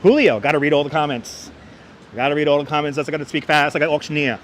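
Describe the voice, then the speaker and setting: A man's voice: a little high, fast talker. A man hosting a live walking tour outdoors, chatting and greeting viewers by name, on a wireless clip-on mic. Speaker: livestream host walking the city. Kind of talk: live walking-tour commentary, reading chat. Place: outdoors on busy city streets. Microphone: wireless clip-on mic, phone camera on a gimbal. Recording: faint street traffic behind.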